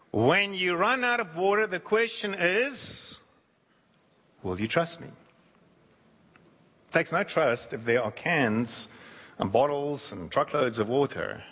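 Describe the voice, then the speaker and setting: A man preaching a sermon who acts out quoted voices, shifting his pitch and pace. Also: pushed and bright. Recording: long hall reverb.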